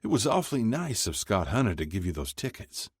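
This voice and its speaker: A man's voice: fairly low pitch, very animated, a little fast, husky, no room sound, clean studio sound, voice pushed up, heavily acted. A man voicing a fond, nosy middle-aged father who teases in a sing-song way. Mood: fond teasing.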